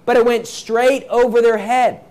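Male preacher, very high voice, reads verses then drives points home emphatically. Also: little pitch movement, measured pace, darkish tone. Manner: reads scripture aloud then explains it in plain talk; emphatic, repeats points, acts out quoted voices. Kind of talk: sermon.

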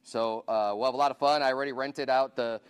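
A man's voice: medium pitch, fairly even intonation, fast talker, clear, resonant tone. A man pastor giving casual church announcements to his congregation, informal and chatty, asking the room questions and counting raised hands.

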